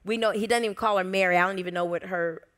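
A woman pastor races through her sermon in a mid-range voice, recounting a story with vivid energy and sinking to gentle whispers at the tender parts.

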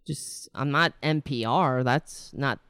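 A middle-aged woman hosting a political talk stream, rambling candidly with restarts and wry asides, her voice slightly raspy. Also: a bass voice, takes it slowly, a bit bright, no room sound, clean studio sound. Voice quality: raspy, nasal-edged voice she calls a rake on a chalkboard. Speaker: political talk show host. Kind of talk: casual live-stream monologue.

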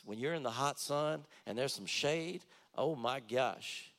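A fairly high-voiced man preaches a sermon in a conversational way. He reads scripture aloud and mixes in personal asides. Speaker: pastor.

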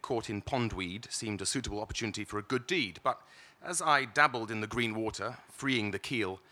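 A British man reading first-person literary fiction aloud in a wry, measured way, with occasional stumbles. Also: fairly low pitch, pushed and bright. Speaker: reader.

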